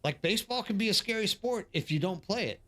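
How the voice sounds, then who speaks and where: A man in his thirties hosts a casual live stream and tells long, rambling stories to his chat. His voice sits a little high for a man. He fills his talk with "like" and often restarts his sentences. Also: expressive, fast talker, fairly bright tone. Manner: rambling anecdotes with many fillers and restarts. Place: living abroad in South Korea.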